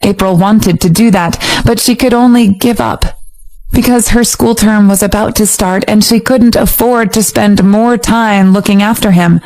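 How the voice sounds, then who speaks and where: A woman narrating a romance audiobook in a steady, even storytelling voice. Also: mid-range voice, moderate pace, rough recording. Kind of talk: scripted narration.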